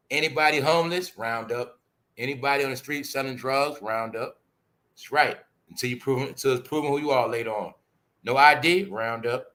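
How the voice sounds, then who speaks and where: Homme à la voix vive et tranchante, commentaire familier. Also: male voice, medium pitch, sharp tone. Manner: emphatic and preachy, addressing the audience as y'all. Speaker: YouTube commentary host. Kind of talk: casual commentary to viewers.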